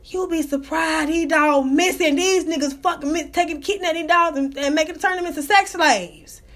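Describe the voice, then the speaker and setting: A woman with a high voice tells a rambling story in a casual, animated way. She swears freely and keeps up a lively, conversational delivery. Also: moderate pace. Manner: profane, animated, breaks into laughter.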